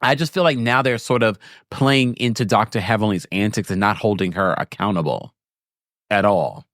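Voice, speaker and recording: A man hosting a casual recap show, chatty and animated, laughing and correcting himself as he talks. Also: on the low side, normal speed, no echo, studio quality. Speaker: show host recapping a reality series. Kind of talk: casual live recap chat.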